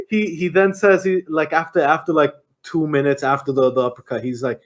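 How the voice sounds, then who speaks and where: A man's voice: a little high, fairly even intonation, fairly quick, few pauses. A young man chatting casually on a podcast, giving a rambling play-by-play recap full of fillers and swearing. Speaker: podcast co-host. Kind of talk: casual chat recapping a wrestling match.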